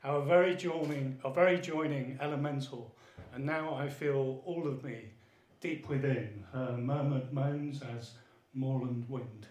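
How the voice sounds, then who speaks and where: A man's voice: mid-range voice, measured pace, hardly any pauses, a little mellow. Man reading lyrical poetry in an echoey room. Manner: earnest, lyrical delivery. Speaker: poet.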